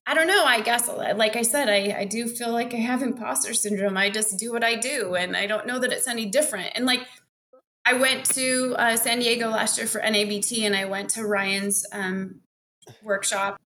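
A woman's voice: on the high side, steady tone, normal speed, pushed and bright. A woman teacher from Montana, chatting casually as a podcast guest, self-deprecating and laughing often as she acts out bits of dialogue. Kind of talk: casual interview chat.

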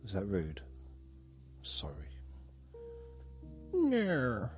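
A man with a lowish voice rambles through a casual podcast monologue. His pitch moves a lot, and he keeps making fun of himself and wandering off topic. Faint music plays underneath. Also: expressive, measured pace. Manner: chatty, self-mocking, digressive. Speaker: podcast host.

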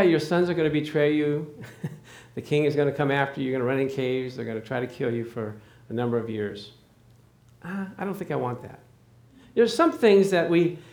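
A man delivers a sermon to his congregation, telling stories and voicing the people in them. His voice sits high for a man, and he leans into his key points. The room around him is echoey. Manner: storytelling with acted dialogue, rising emphasis. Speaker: pastor.

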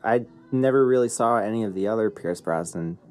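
Laid-back male co-host, chats easily, pauses to find his words. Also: on the low side, a little mellow. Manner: easygoing, hesitant, with fillers and restarts. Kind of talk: casual chat.

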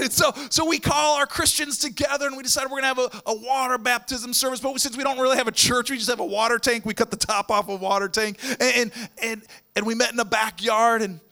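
Man, missionary pastor, sermon story, bright and forceful, loud preaching, hushed near-whispers. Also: high-pitched, creaky.

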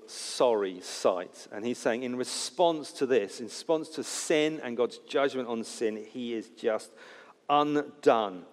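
A man preaching an expository sermon in a conversational way, with jokey asides, swinging between loud emphasis and hushed, low passages. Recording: long hall reverb.

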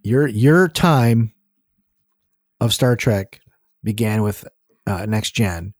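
A man co-hosting a casual podcast, halting and joking as he steers the conversation. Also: fairly low pitch, dry recording, clean studio sound. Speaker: podcast co-host.

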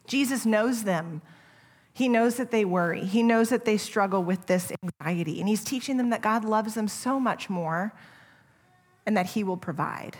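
A middle-aged woman preaching a sermon in a church, earnest and gentle, often pausing to restart a phrase. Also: mid-range voice, slightly rough.

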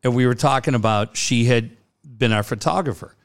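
A man co-hosting a casual chat, telling stories with lively jokes. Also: fairly quick. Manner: animated storyteller, jumps high in pitch when joking. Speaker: co-host.

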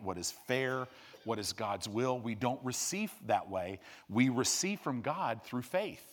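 Lively-pitched preaching man. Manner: swings from hushed low asides to loud preaching peaks. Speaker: pastor. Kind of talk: sermon.

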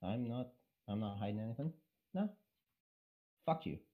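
A man's voice: lowish voice, lively intonation, normal speed, narrow, tinny audio, natural voice. A man voicing a reckless, crude young woman in a clumsy put-on Scottish accent, blunt and swearing. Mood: defiant.

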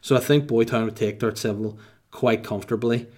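A Northern Irish man in his thirties hosts a casual Q&A, joking along in a mock-boastful, deadpan way. His voice sits at a middling pitch for a man. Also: a little fast. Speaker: host answering listener questions. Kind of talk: casual comedic Q&A chat.

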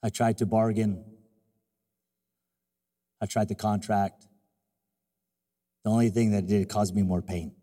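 A man preaching a sermon as pastor, moving from quiet, confiding talk to loud call-and-response exhortation. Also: fairly even intonation, unhurried, pauses often, big-room sound. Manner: soft, low, confiding in personal stretches.

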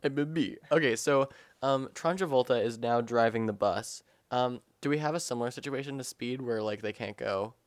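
A man's voice: medium pitch, moderate pace. A man co-hosting a podcast, chatting casually and teasing with jokes. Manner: joking, teasing, laughs often. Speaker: podcast co-host. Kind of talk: casual comedic chat.

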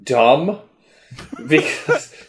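A man's voice: on the high side, wildly swooping pitch, very slow, slight background noise. A man in casual conversation about comics, rambling with frequent restarts and laughs. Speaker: podcast co-host discussing comics. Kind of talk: casual chat.

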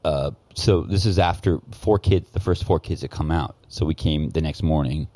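Guest: very low male voice, dry close sound, swears a lot and stops and restarts as he tells a story. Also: dark tone, no echo. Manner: profane, heated, halting with many restarts. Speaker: guest, former news cameraman. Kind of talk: casual podcast storytelling.

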